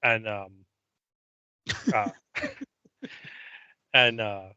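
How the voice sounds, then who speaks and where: Man, hesitant podcast co-host, slow, smooth voice, dull lo-fi mic. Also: fairly low pitch, wildly swooping pitch, pushed and bright, no echo. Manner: hesitant, many ums and restarts. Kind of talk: casual episode recap.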